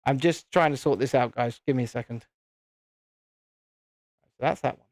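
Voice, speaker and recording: A man's voice: mid-range voice, moderate pace, no echo, clean studio sound. A British man hosting a casual live stream, chatting to viewers in a self-deprecating way.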